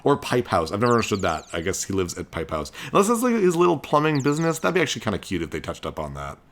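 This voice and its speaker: Let's-play host, male, low-ish voice, very animated and excitable. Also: very fast. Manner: excited, chatty, laughs often. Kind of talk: gameplay commentary. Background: game music.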